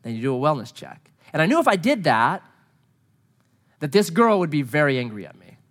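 A married man tells the gathering about his own experience in a sermon, his pitch swinging widely as he talks briskly. He is sincere throughout, sinking into soft, low tones before rising to urgent pleas.

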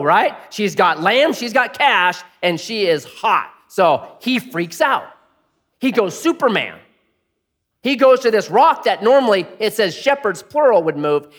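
A middle-aged male pastor with a high voice preaches a lively sermon, swinging widely in pitch. He jokes and acts out the voices of the people in his story. His voice rings with the long reverb of a church hall. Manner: animated, jokey, acts out voices.

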